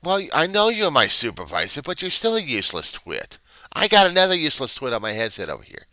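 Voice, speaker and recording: A man's voice: on the high side, wildly swooping pitch, quick pace, bright, forceful tone, no echo, pitched above the performer's own voice, exaggerated voice. A man voicing a bored, dismissive insurance authorization clerk who talks down to a caller in a sarcastic tone. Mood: snippy.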